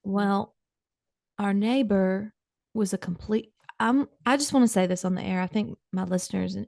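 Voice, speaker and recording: A woman's voice: mid-range voice, moderate pace, gravelly, darkish tone, no echo, clean studio sound. A middle-aged woman hosting a comedy podcast, telling a dramatic, gossipy story to her co-host.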